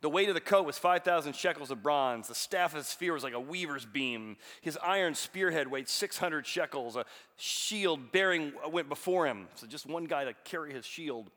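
A man preaching a sermon, telling a story and reading scripture aloud with bursts of loud emphasis. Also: fairly high pitch, lively intonation, moderate pace, few pauses. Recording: long hall reverb.

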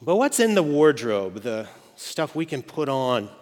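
A man's voice: mid-range voice, very animated, a little slow, darkish tone. A man in his forties preaching a casual, joking sermon to mothers, checking in with the crowd often. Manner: conversational and joking, with frequent "okay?" and "right?". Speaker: pastor. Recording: long hall reverb.

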